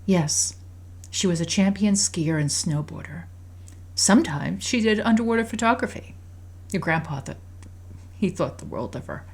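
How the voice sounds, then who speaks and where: A woman voicing a gentle, loving mother in a game story, speaking softly and reassuringly. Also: lowish voice, animated, normal speed, pauses often, husky. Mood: tender.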